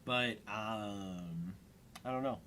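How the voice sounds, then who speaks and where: A man's voice: on the low side, drawn-out words, pushed and bright, a little hiss or hum. A man hosting a casual commentary podcast, retelling an episode with lots of fillers and quoted lines. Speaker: podcast host.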